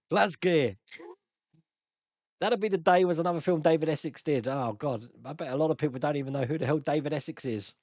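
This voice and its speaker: A man's voice: a little high, fairly quick, warm tone, no echo. A man hosting a casual live-stream Q&A, chatting and laughing as he answers viewer comments.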